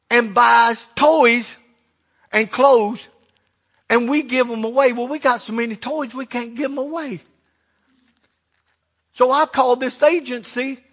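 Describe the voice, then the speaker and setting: A man's voice: extremely high pitch, a bit bright. An older man, a pastor telling folksy stories in a sermon and acting out the dialogue. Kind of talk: sermon storytelling.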